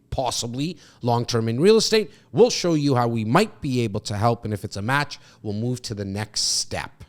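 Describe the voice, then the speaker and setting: Animated man hosting a podcast. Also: medium pitch. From Canada. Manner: animated, talks in loose restarts. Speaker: podcast host and real estate agent. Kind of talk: casual podcast answer.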